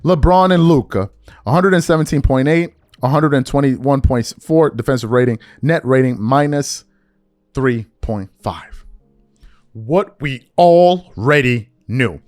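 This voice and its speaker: A man's voice: medium pitch, a little slow, darkish tone, no room sound, studio quality, soft background music. A man hosting a sports podcast, ranting heatedly and slangily with mocking impressions of fans. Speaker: podcast host. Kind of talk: heated sports commentary rant.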